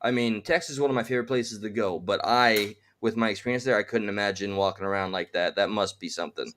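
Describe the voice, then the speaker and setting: A man's voice: fairly low pitch, fast talker, a bit bright. A man hosting a casual chat from his home, wordy and slightly formal in his phrasing. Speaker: host.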